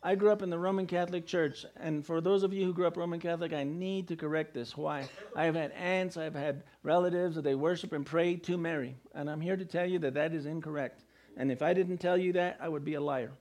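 A man's voice: a little high, fairly even intonation, a little fast, darkish tone. A male pastor preaching a sermon, emphatic and firing rhetorical questions at the congregation.

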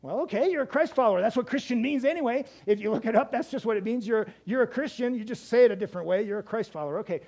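A man's voice: very high-pitched, very fast, hardly any pauses, a little mellow. A man preaching a sermon as a missionary, conversational and emphatic, often repeating words and restarting.

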